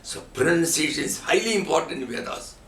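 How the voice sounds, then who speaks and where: A man's voice: a little high, expressive, brisk, fairly bright tone. A man giving a spiritual teaching talk as a swami, telling stories and chanting Sanskrit verses as examples. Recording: echoey room from far off, faint noise.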